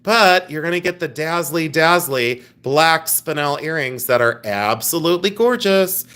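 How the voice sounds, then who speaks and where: A man's voice: fairly high pitch, expressive, unhurried, bright, forceful tone, clean tone. A man hosting a live jewelry sale stream, talking in a chatty, rambling, jokey way and showing affection toward his viewers. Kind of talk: casual live sales stream.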